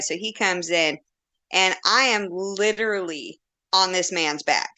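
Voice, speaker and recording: Blunt, animated woman telling stories. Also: on the low side, unhurried. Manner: animated, acts out quotes, laughs often; blunt and candid. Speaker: podcast guest. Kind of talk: casual storytelling chat.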